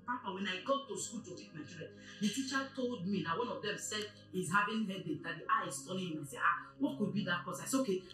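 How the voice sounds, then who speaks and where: A woman, giving an excited, emotional testimony and crying out "Papa" again and again. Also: medium pitch. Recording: echoey room, far from mic.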